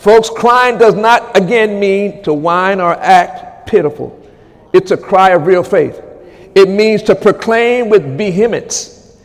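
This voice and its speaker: Male preacher, high voice, swings from hushed murmurs to shouted commands, long hall echo. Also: slow pace. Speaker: pastor. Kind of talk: charismatic sermon.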